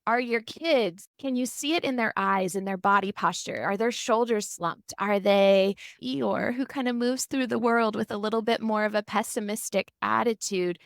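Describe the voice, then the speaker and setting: A middle-aged woman therapist, a guest on a podcast interview, telling stories and acting out the quotes with lively animation. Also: mid-range voice, moderate pace, vocal fry, hardly any pauses, no echo, studio quality. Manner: animated storytelling, acts out quotes. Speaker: family and marriage therapist, guest.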